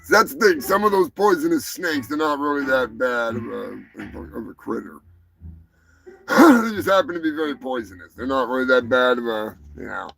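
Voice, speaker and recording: A man hosting a crude live show, rambling and swearing, jumping from loud outbursts to mumbled asides. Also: mid-range voice, lively intonation, normal speed, creaky, poor audio. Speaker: show host. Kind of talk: crude live-stream rant. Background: music.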